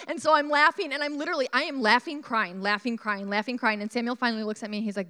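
A woman preaching a sermon, telling a personal story in an animated way and asking the congregation questions. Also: high voice, fairly quick.

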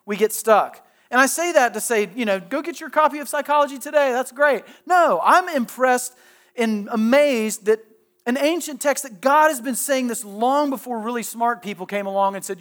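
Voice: medium pitch, normal speed, fairly bright tone. A pastor preaching a sermon in a conversational way, asking the listeners direct questions and often restarting and repeating phrases.

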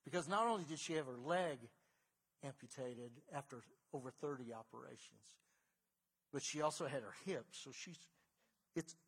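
A man's voice: mid-range voice, normal speed, husky. A middle-aged man, a pastor, preaching a conversational sermon full of stories that rises to emphatic bursts.

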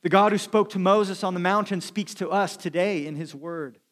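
A man preaching with a fairly high voice. He delivers the sermon earnestly, easing down to a slow, hushed tone when he wants a line to land. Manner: earnest preaching, slows and drops quiet for emphasis. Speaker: pastor.

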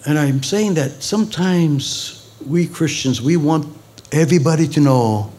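This pastor preaches with an expressive, darkish voice, moving a little slowly. His sermon bursts into sudden high, emphatic peaks, broken up by conversational remarks aimed at the congregation.

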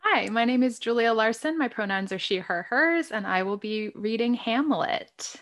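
Woman, bright voice, playful, casual introduction. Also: fairly high pitch, expressive, normal speed. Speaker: actor.

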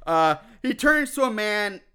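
A man's voice: high voice, a little slow, clean tone. A man co-hosting a podcast, casually recapping a film's plot with lots of laughing and swearing. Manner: laughing, profane, animated storytelling. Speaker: podcast co-host recapping a film. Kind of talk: casual chat.

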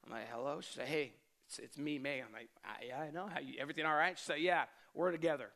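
A man in his thirties, a pastor telling a lively personal story in a sermon and laughing often as he goes. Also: on the high side, quick pace, creaky. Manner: animated storyteller, self-deprecating, laughs often.

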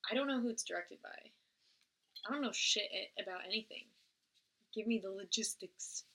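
A young woman in her twenties co-hosting a podcast, wry and loose, with casual swearing sprinkled through her talk. Her voice is bright and forceful at a mid pitch. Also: normal speed. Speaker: podcast co-host. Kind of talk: casual chat.

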